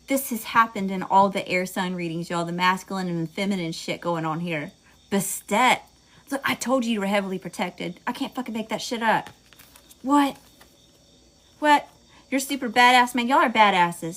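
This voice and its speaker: This tarot reader talks to her audience in a Southern US accent, keeping things casual and chatty. She swears freely, leans on y'all and laughs at herself, her medium-pitched voice a bit bright and at normal speed.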